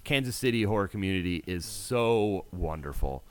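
A man, a filmmaker guest, telling lively stories in casual chat and swearing freely. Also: sits low, moderate pace, smooth. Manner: animated storyteller, swears freely.

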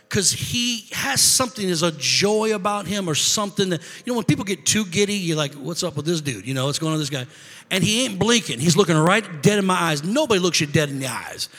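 A man casually telling a long personal story, halting often, restarting phrases and repeating words. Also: high-pitched, sharp tone, slightly rough. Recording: long reverb.

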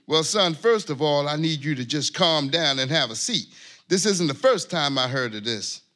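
An actor playing an impatient, bossy pastor who talks down to his secretary and counsels a younger minister. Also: moderate pace. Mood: concerned. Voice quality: high lively voice, brusque and commanding with his secretary. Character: bossy middle-aged male pastor, impatient. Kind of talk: church comedy drama acting.

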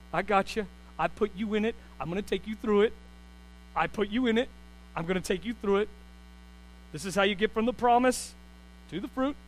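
A man preaching a sermon, animated, swinging between quiet asides and loud, excited bursts. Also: sits high, poor audio. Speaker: pastor.

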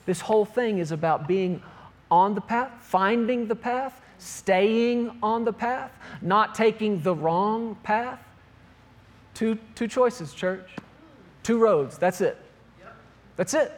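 High-voiced man preaching a sermon. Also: slow. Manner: emphatic preaching, repeating phrases, reading scripture aloud. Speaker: pastor.

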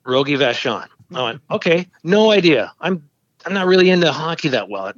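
A man's voice: medium pitch, fairly quick, no room sound, muffled recording. A man in his fifties, a podcast host, telling stories in casual chat and acting out quotes. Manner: storytelling, animated quoting.

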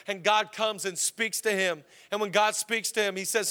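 A man's voice: high voice, fairly even intonation, moderate pace, hardly any pauses, pushed and bright, clear, resonant tone. A male pastor preaching a sermon to a congregation, storytelling and building to passionate, rhythmic repetition. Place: church service before a congregation.

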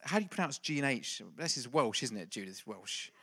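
Playful, bright-voiced male pastor. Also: mid-range voice, sing-song, a little fast. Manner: playful, jokey, quizzes the congregation. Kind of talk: lively church talk with a quiz.

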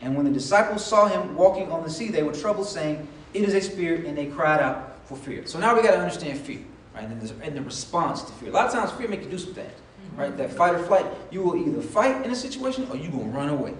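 A man's voice: fairly high pitch, big pitch swings, quick pace, few pauses, a little hiss or hum. Man preaching conversationally in an echoey church. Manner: conversational preaching with acted-out dialogue. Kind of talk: sermon. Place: church sanctuary. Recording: echoey hall from far off. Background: congregation responses.

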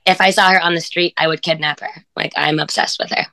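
A woman's voice: lowish voice, steady tone, fast talker, bright, forceful tone, no room sound. A woman comedian chatting on a podcast over a video call, rambling enthusiastically with lots of fillers. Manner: bubbly, rambling, filler-heavy. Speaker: comedian guest. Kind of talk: casual chat.

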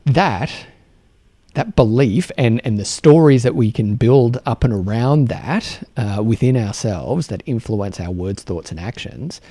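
A man with an Australian accent hosting a solo podcast, talking earnestly and haltingly with many restarts and repeated words. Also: medium pitch, lively intonation, warm tone, no echo. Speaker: podcast host.

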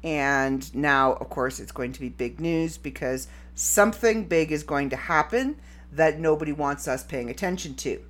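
A woman's voice: sits low, moderate pace. A woman hosting a solo podcast in a rambling, giggly, casual way. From Canada. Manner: rambling and giggly, breaks into fits of laughter. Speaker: podcast host.

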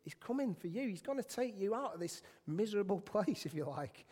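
A middle-aged man from England preaching a sermon in a church, telling stories with humor and shouting at times. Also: high voice, fairly quick, hardly any pauses. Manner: animated, self-deprecating storytelling with bursts of shouting. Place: church sanctuary. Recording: church hall with long reverb.

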